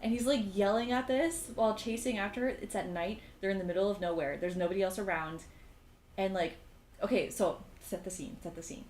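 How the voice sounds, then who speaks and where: Animated young woman vlogger, roomy sound. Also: a little fast, slight background noise. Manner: animated, exasperated storytelling with sudden jumps in pitch. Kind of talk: casual chat while drawing.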